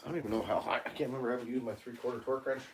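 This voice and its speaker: A man's voice: medium pitch, steady tone, racing, a little hiss or hum. A man, a mechanic in his workshop, chatting casually on a live stream, reading viewer comments aloud and swearing freely as he rambles about tools. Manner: blunt, swears freely, rambling shop talk. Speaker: mechanic livestreaming from his shop.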